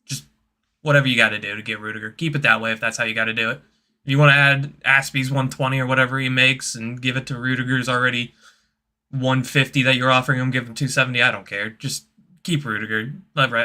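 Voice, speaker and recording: Male guest, blunt and matter-of-fact, bright forceful tone. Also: medium pitch, little pitch movement, fairly quick. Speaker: guest on a fan stream. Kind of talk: casual post-match fan chat.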